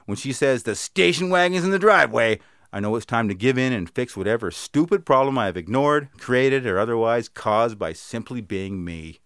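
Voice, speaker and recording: A man's voice: medium pitch, animated, normal speed, hardly any pauses, clean tone, no echo, clean studio sound. A man telling a humorous story and acting in comic sketches, wry and self-mocking. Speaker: comedy performer.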